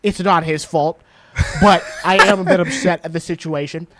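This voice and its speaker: A young man streaming a live fight reaction, shouting and swearing in disbelief. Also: on the high side, fairly even intonation, normal speed, no echo.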